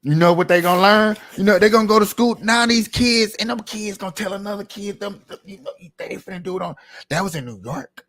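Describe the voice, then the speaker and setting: A man giving casual, animated commentary on a livestream, firing off repetitive rhetorical questions in heavy slang. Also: sits high, a little fast, a little hiss or hum.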